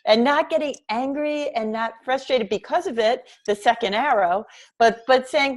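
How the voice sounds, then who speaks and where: A woman's voice: sits high, moderate pace. Thoughtful woman guest educator. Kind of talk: casual interview chat.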